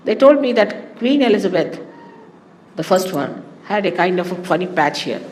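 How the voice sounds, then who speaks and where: A woman's voice: medium pitch, sing-song, moderate pace, darkish tone. Woman telling stories in an echoey hall. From India. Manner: anecdotal, digressive storytelling with asides. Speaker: spiritual teacher. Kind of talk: spoken talk to followers. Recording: echoey hall with faint background noise.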